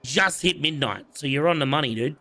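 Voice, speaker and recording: A man's voice: a little high, brisk, creaky, bright, forceful tone. A man with an Australian accent, casually commentating his game on a live stream and bantering cockily with chat. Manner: playful, cocky banter with chat.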